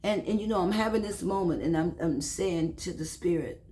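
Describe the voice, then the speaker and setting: A woman's voice: fairly low pitch, moderate pace, dark tone, reverberant, poor audio. A woman telling a devotional story in an emotional, repetitive way, now and then dropping into a whisper. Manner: emotional, repeats herself, drops into whispers.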